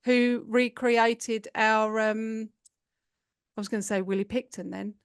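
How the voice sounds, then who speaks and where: A woman co-hosting a podcast in casual chat, chatty and quick to laugh. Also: fairly high pitch, steady tone, clear, resonant tone, no echo, studio quality. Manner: chatty, laughs often, acts out quoted voices. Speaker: podcast co-host.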